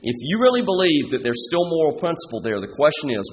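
A man's voice: on the high side, very animated, quick pace. A man preaching a sermon as pastor in a church, earnest and pressing his listeners with repeated rhetorical questions. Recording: long hall reverb, faint background noise.

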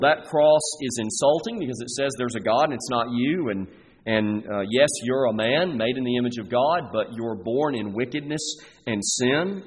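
A man preaching a sermon as pastor, earnest and deliberate, pausing between phrases. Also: mid-range voice, long reverb tail, slight background noise.

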